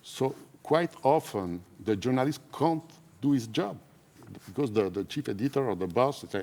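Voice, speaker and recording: A man who speaks natively, talking in an emotional conference interview, earnest and halting, often repeating himself. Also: mid-range voice, expressive, darkish tone. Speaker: interviewee, whistleblower. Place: conference stage.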